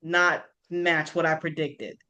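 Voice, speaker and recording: Woman, bright tone, chatty book talk, laughs a lot, lively retellings. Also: sits low, slow, muffled recording. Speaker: book club podcast host. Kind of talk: casual book chat.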